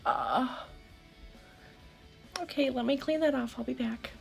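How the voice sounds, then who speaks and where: A young woman talks through a makeup tutorial in a casual, candid way, often breaking into exclamations. Her voice sits a little high and has a gravelly fry to it. Faint music plays behind her. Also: sing-song, measured pace, pauses often. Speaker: beauty vlogger.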